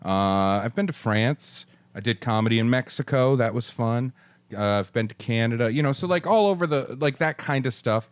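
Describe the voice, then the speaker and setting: A man's voice: mid-range voice, clear, resonant tone, no echo. Rambling man, podcast co-host. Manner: rambling, halting with fillers. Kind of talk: casual chat.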